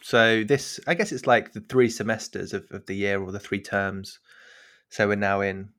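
Co-host, man, South African accent, self-mocking and chatty, lowish voice. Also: steady tone, moderate pace, fairly bright tone. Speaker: podcast co-host. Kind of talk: casual discussion.

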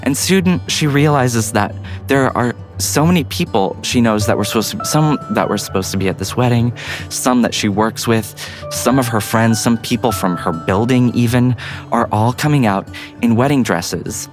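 A man's voice: mid-range voice, normal speed, music in the background. A man narrating an improvised bedtime story in a rambling way full of fillers. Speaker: guest storyteller.

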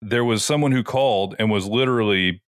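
A man's voice: fairly low pitch, a little fast, no echo, studio quality. A man co-hosting a podcast, casually retelling an episode with lots of "like" and filler. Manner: animated retelling with frequent "like". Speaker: podcast co-host. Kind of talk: casual chat.

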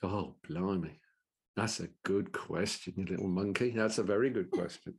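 Gravelly low-voiced Brummie man telling stories. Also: moderate pace. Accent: Birmingham and Black Country English. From English Midlands. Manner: animated, repeats words, jumps up in pitch for quoted voices. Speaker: guest, professional speaker. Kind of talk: casual storytelling in an interview.

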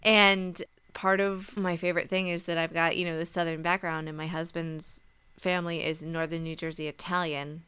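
A woman from Virginia co-hosting a podcast in casual chat, quick and jokey with frequent giggles. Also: fairly low pitch, level tone, sharp tone, clean tone. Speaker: podcast co-host.

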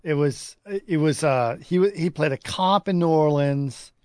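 A man's voice: on the high side, unhurried, a little mellow, dry recording, clean studio sound. A man in casual movie chat who halts and searches for words when groping for a title.

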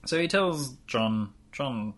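A man co-hosting a casual chat, animatedly recapping an episode and slipping into quick character impressions. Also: mid-range voice, animated, a bit bright. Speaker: podcast co-host.

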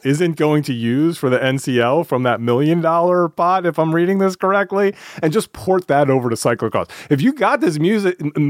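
A man hosting a casual podcast chat, talking in a relaxed, halting way and often repeating words. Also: fairly high pitch, no room sound, studio quality. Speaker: podcast host.

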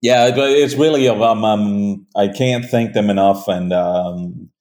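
Guest interviewee: a man with a deep voice, earnest, halting speech full of fillers. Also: darkish tone. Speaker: hunting show creator, guest. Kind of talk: conversational interview.

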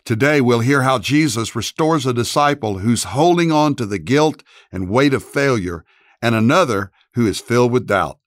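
A male pastor and host giving a scripted episode introduction in an earnest, measured way. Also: mid-range voice, expressive, dry recording, studio quality.

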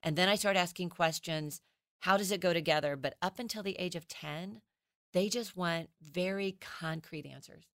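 A woman who teaches children's ministry, explaining child development as a guest in a podcast interview, animated and acting out how children talk. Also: on the low side, moderate pace, no room sound, clean studio sound. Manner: animated, acts out children's voices.

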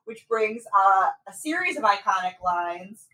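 A woman co-hosting a podcast, recapping a reality show in casual, profane, animated chat full of "like"s. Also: mid-range voice, unhurried, very noisy. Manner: animated, profane storytelling with many "like"s.

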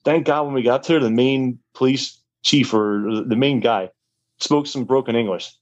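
A man's voice: medium pitch, normal speed, muffled recording. A young man telling a wild story in a casual, rambling way, full of fillers.

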